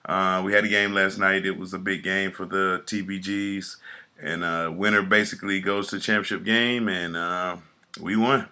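A hoarse man hosts a casual podcast in a deep, raspy voice. His tone is bright and punchy, and he talks loosely, boasting and joking between stories. He sounds close to a studio mic. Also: fairly even intonation, moderate pace. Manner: boastful, joking hype intro, loose storytelling. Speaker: podcast host; youth football coach.

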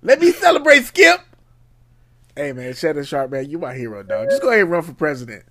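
A man co-hosting a podcast, chatting casually and profanely, often jumping into high mimicking voices. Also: expressive, quick pace. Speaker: podcast co-host. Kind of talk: casual chat.

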